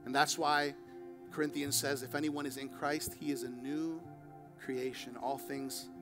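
A man preaching a sermon as pastor, moving between quiet, slow passages and quick, raised emphatic bursts. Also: mid-range voice, flat delivery, over music. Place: church.

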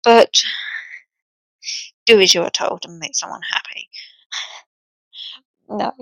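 Bright, gravelly young woman rambling. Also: mid-range voice, fairly even intonation, slow, dry recording, rough recording. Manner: rambling, self-deprecating, scattered. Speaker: podcast host. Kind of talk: rambling solo podcast.

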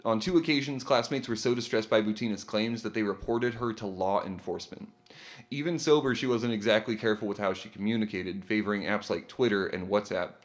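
A male podcast co-host in casual chat, reading an article aloud with loose, profane asides. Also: on the low side. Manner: loose, profane, laughs often, reads haltingly.

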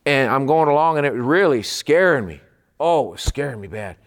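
A woman's voice: extremely low pitch, lively intonation, a little fast, voice pushed up. A man voicing an overjoyed middle-aged woman who has just been converted and is gushing with praise. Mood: excited.

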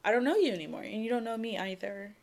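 A woman's voice: on the high side, lively intonation, fast talker. A young woman co-hosting a casual podcast, talking bluntly and laughing easily. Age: young adult. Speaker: podcast co-host. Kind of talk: casual chat.

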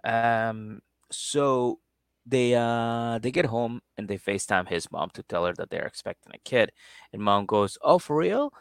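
A man's voice: mid-range voice, steady tone, unhurried, smooth, no room sound, studio quality. A man co-hosting a casual podcast, retelling a story with lots of acted-out quotes and casual swearing. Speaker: podcast co-host. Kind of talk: casual chat, retelling a show.

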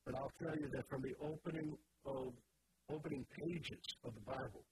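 A male pastor preaching a sermon with passion, his voice climbing from quiet asides to shouted lines. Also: medium pitch, steady tone, measured pace. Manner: impassioned preaching, swings from soft to shouting. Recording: noisy church recording.

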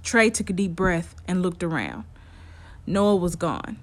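A woman narrating a story chapter in a steady storytelling manner. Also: fairly low pitch, measured pace.

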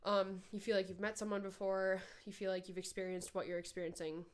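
A young Minnesota woman with a light Minnesotan accent co-hosts a podcast, speaking quickly in a clean, mid-range voice with little pitch movement. Her casual chat is rambling and profane, packed with "like" fillers. She's recorded on a studio mic while wearing headphones.

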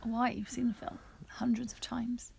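Chatty woman, lively. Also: fairly high pitch, normal speed, vocal fry, slight background noise. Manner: animated, jokey, acts out lines in put-on voices. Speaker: podcast co-host. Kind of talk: casual chat about a film.

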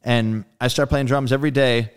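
Swearing freely and voicing the dialogue he quotes, a man interviewed as a guest musician recounts a story with casual energy. His voice is mid-range and smooth, delivered at a normal speed.

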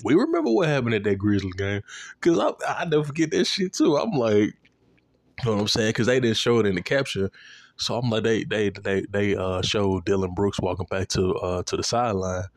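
A man in a casual, profane sports rant, animated and repeating himself, aimed at a commentator. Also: fairly low pitch, brisk, no echo.

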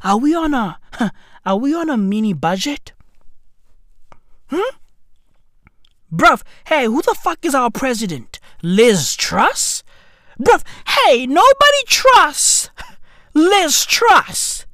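A woman rants for laughs, loud, profane and full of slang. Her pitch sits a little high and leaps around animatedly as she drawls slowly. The sound is dry and close. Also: very animated, no echo. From South Africa. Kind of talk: comic rant.

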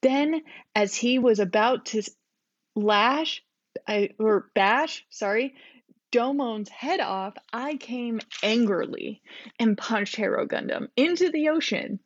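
A woman reads her childhood fanfiction aloud, amused and laughing at her own writing. Her voice sits fairly high. The recording sounds dull and lo-fi. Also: expressive, takes it slowly, no room sound. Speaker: podcast co-host.

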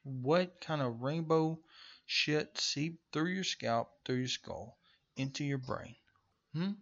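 A man's voice: a little high, slow pace, a bit bright. A man giving an angry political rant, profane and mocking, firing off rhetorical questions. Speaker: political commentator. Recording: muffled lo-fi recording.

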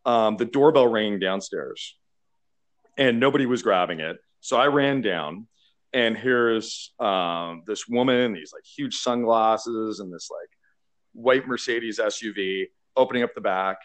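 A man from Canada telling stories in casual chat, animated and laughing as he acts out quotes. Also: on the low side, unhurried. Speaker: beverage marketer.

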